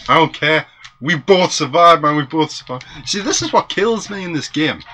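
Guy gaming with his mate, bright voice jumping all over, swears a ton, squeals when excited. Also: fairly high pitch, moderate pace, slight background noise. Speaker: gamer. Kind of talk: casual co-op let's play banter.

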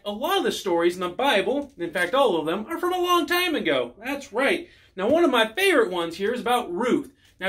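A calm Sunday-school teacher with a put-on accent, as a man plays him in a kids church lesson. His voice is dropped lower than his usual high speaking voice. He tells Bible stories in a mellow, storytelling way.

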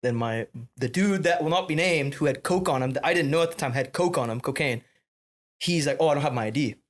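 A young man telling a story on a podcast in a casual, profane way, with excited asides. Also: on the high side, quick pace.

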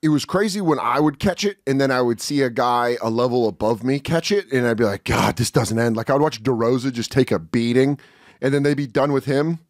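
A man's voice: medium pitch, fairly quick, no echo, studio quality. A comedian in his forties, a guest on a podcast, chatting casually and telling stories in which he acts out what other people said. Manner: animated storyteller acting out other people's lines. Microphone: studio podcast mic.

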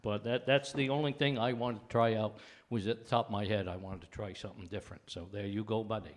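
A man's voice: fairly low pitch, steady tone, fast, a crowd in the background. A man hosting a live comedy show, rambling in folksy casual banter and often losing his thread. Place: studio stage with live audience.

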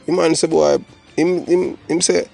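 A man's voice: fairly high pitch, flat delivery, unhurried, vocal fry, mellow, soft background music. A Jamaican man hosting his own channel, delivering a rambling, emphatic solo commentary that mixes patois with English. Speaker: channel host.

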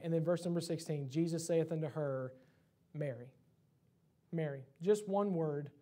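A man's voice: fairly high pitch, mellow. A young adult man preaching a church sermon, impassioned, with many restarts and repeated words. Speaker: pastor. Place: church sanctuary.

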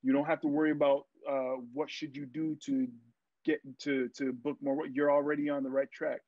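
A young man and actor, a podcast guest, telling stories in a casual interview, lively and full of fillers as he acts out what people said. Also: fairly high pitch, a little fast, dry recording. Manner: animated storyteller, acts out quotes, many fillers. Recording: dry, muffled lo-fi sound.

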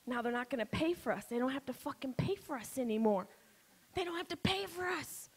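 A woman's voice: high-pitched, animated, a little fast, slightly rough. A woman doing a brash, profane stand-up set, bantering with the crowd from a comedy club stage.

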